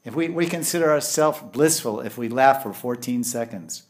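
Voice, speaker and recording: A man giving a devotional lecture in English with Sanskrit and Hindi terms, telling lively stories and swinging from hushed tones to loud bursts. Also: medium pitch, normal speed, faint music behind. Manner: animated, acts out voices and laughter, swings from hushed to loud. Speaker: spiritual teacher.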